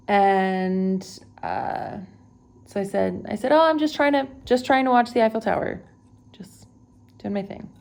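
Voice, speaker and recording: A woman's voice: medium pitch, gravelly, darkish tone. A young woman from Texas, a travel vlogger, retelling an unsettling trip in a casual, conversational way with many fillers and self-corrections. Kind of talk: unedited personal retelling. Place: at home.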